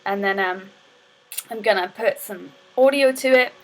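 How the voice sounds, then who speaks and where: Speaking at a measured pace in a mid-range voice, this game development student streams her work with poor audio. Her casual chatter wanders, peppered with fillers and false starts.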